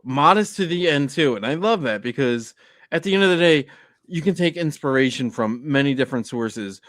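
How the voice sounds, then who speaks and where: A man's voice: medium pitch, animated, moderate pace, a bit bright, no room sound, clean studio sound. A man co-hosting a podcast, chatting casually with supportive, laid-back replies. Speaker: podcast co-host.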